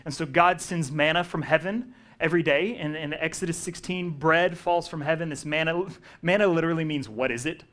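A male pastor preaching a sermon, telling the story with lively acted-out voices. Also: on the high side, brisk. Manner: animated storytelling, acting out quoted voices.

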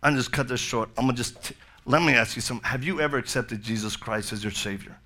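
A man's voice: medium pitch, quick pace, sharp tone. A middle-aged male pastor preaching a sermon, telling a story with jokey asides and then building to fervent appeals.

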